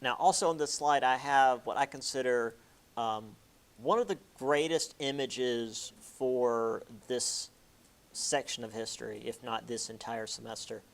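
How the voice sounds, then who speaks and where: A man's voice: mid-range voice, measured pace, gravelly. Chatty man giving a lecture. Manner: chatty, with lots of fillers and mock-quoted asides. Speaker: history lecturer. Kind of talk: casual classroom lecture.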